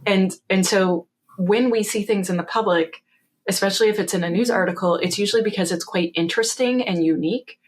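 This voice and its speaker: A Canadian woman in her forties, a guest in an interview, telling stories in a lively way, laughing often and wryly quoting herself. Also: mid-range voice, fairly quick. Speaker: guest, security author. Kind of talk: casual interview storytelling.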